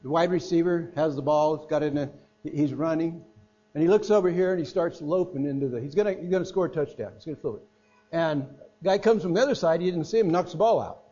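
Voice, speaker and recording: A middle-aged man preaching a sermon, swinging between loud emphatic stresses and quiet, hushed phrases. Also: fairly high pitch, fast, slightly rough. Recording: dull lo-fi sound with mains hum.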